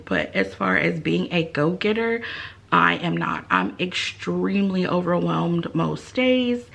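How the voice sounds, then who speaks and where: Woman beauty vlogger, unhurried delivery, candid confiding chat. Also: lowish voice, gravelly, a bit bright. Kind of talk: casual vlog chat.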